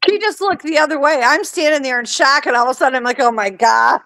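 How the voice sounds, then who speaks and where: A woman's voice: high voice, fast talker, dry recording. A woman from Michigan, telling stories in casual chat with lots of laughter. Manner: animated storyteller, laughing often.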